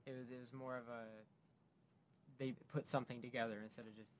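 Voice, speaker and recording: Young male podcast co-host, quick delivery, stumbles and restarts his sentences. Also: medium pitch, level tone, a little hiss or hum. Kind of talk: casual chat.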